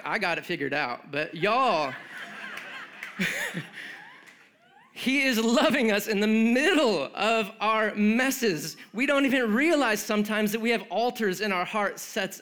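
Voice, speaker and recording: A man's voice: high voice, fairly bright tone. A male pastor preaching a sermon in a conversational way, with joking asides and frequent "like" fillers.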